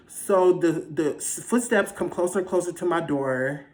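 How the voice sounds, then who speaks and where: A vlogger casually telling a personal story in a dramatic, animated, slangy way. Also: medium pitch, moderate pace, few pauses. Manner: slangy, conversational.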